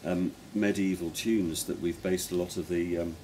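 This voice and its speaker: A man's voice: low voice, fairly even intonation, moderate pace, dark tone, slight background noise. A man, a folk pipe player, explaining musical ideas in a thoughtful, step-by-step way during a casual conversation. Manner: thoughtful, explanatory, talks in careful steps.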